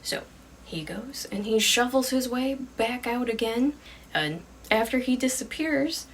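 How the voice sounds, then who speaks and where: A woman's voice: a little high, animated, a little slow, slight background noise. Woman telling a chatty ghost story. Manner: casual, chatty, with hushed asides. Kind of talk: improvised ghost story narration.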